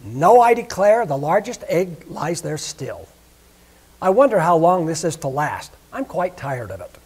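A man's voice: fairly high pitch, big pitch swings, unhurried, a little mellow, breathy edge, full character voice. A man voicing a fussy, proud mother duck who scolds and frets in a raised voice. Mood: fussing.

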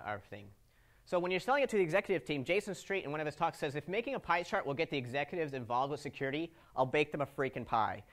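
A speaker giving a security conference talk from a stage, stressing key points by repeating them. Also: mid-range voice.

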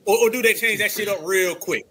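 A man hosting a casual panel talk show, speaking in an animated way and addressing the audience directly. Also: high-pitched, fairly quick, a little hiss or hum. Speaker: host.

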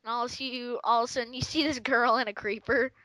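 Bright high-voiced woman ranting casually. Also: steady tone, no room sound, poor audio. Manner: mock-lecturing, swears freely, quick rants. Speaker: co-commentator. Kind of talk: casual gaming commentary.

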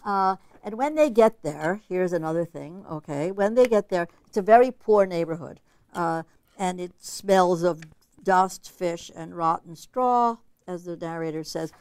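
A woman's voice: lowish voice, animated, measured pace, a little mellow, clean tone, no room sound. A woman giving an academic literature lecture in an analytical, conversational way, thinking aloud as she goes.

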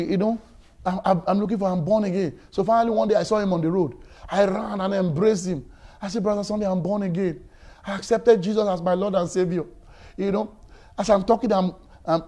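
A man preaching a sermon, telling a story that moves from quiet talk to loud, excited shouting, often repeating his words. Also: high voice. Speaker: pastor.

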